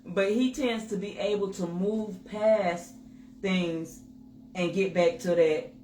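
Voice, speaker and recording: A woman's voice: medium pitch, takes it slowly. Woman co-host chatting about her marriage, acts out her own thoughts, echoey room with a little hiss. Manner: animated storytelling, acts out her own inner voice. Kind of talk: candid couple's chat to viewers. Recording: roomy with faint noise.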